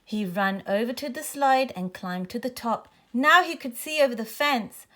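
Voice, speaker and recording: A woman reading a children's story aloud in a clear, expressive way. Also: fairly high pitch, normal speed.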